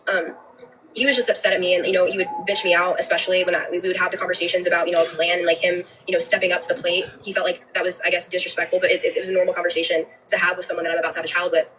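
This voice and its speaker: Young woman, rapid earnest personal account, stumbling restarts, heard from a distance, faint background hiss. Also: fairly low pitch, level tone, a bit bright. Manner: fast, earnest, with frequent halting restarts. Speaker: livestreamer telling her story.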